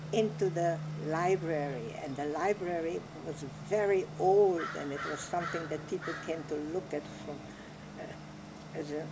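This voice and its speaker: An older woman telling her life story in an interview, reflective and unhurried, often laughing softly as she talks. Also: lowish voice, noisy background. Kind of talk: oral history recollection.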